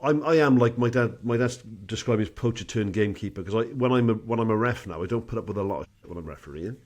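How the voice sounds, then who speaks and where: A man's voice: on the low side, quick pace, darkish tone. A middle-aged man co-hosting a casual podcast, telling rambling anecdotes full of restarts. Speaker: podcast co-host and amateur referee.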